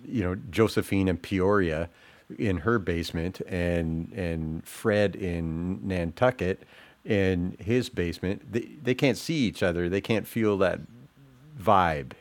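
Deep voiced guy cohosting, laid back chat, jokes here and there. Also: takes it slowly. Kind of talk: casual interview chat.

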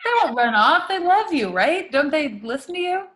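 A woman's voice: high voice, expressive, normal speed, a bit bright. Frank, laughing ranch-podcast woman. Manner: frank, swears freely, laughs often. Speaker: podcast co-host. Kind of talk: casual chat.

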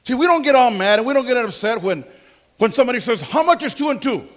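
A man preaching a sermon as pastor, emphatic and animated, mixing in humor and asides. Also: very high-pitched, fast.

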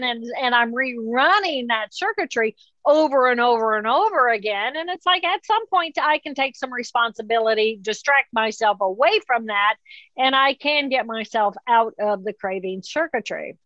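A woman guest in an interview, explaining calmly and acting out inner voices in quotes. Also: on the high side, normal speed, dry recording, dull audio. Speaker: author and neuroscientist guest. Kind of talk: interview conversation.

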